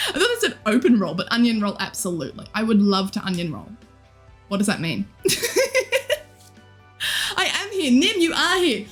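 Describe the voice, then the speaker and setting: A bubbly, teasing woman in her twenties talks casually to her stream chat. Her voice sits a little high and she giggles easily. Faint music plays behind her. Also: wildly swooping pitch, moderate pace, pauses often. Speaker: live streamer. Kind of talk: casual chat reading viewer comments.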